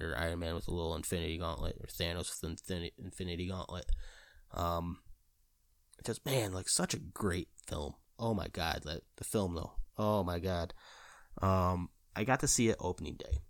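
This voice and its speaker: A man chatting casually and rambling with excitement, full of fillers, repeats and casual swearing. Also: deep voice, no echo, clean studio sound. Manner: gushing with enthusiasm. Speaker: vlogger. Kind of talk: casual chat.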